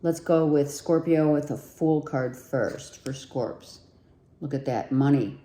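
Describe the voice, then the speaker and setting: Woman tarot reader, low and mellow, strained voice, echoey room, unhurried chatty delivery. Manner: chatty, repeats herself, thinks aloud while pulling cards. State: losing her voice. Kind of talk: casual tarot reading to viewers.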